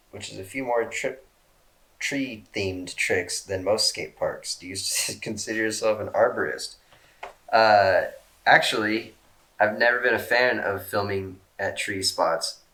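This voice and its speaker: A relaxed man works through viewer questions in a loose, rambling Q&A, cursing freely and poking fun at himself. His voice sits low yet carries a bright, forward edge. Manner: rambling, laid-back, swears a lot; self-mocking jokes. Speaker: skateboarder answering fan questions. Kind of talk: casual Q&A, reading out viewer questions.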